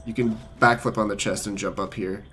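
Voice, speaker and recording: A man's voice: lowish voice, fairly even intonation, brisk. A man streaming a speedrun, chatting casually and explaining his tricks as he plays. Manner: laid-back, explains tricks while playing. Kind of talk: casual live-stream chat. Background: faint game music.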